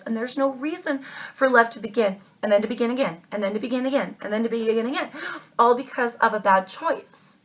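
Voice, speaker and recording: Earnest, higher-voiced woman tarot reader. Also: brisk, fairly bright tone. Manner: earnest, repetitive, calls listeners babe and darling; emphatic, insistent advice. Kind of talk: tarot reading to viewers.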